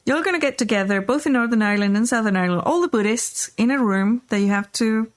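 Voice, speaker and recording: A woman's voice: fairly high pitch, fast. A middle-aged woman hosting a podcast, telling a personal story in a loose, rambling way with lots of fillers and restarts. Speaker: podcast host. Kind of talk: casual storytelling chat.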